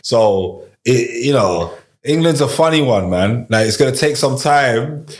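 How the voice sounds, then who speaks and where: A man's voice: medium pitch, animated, unhurried. A man, a podcast guest in casual chat, who talks animatedly and acts out other people's voices.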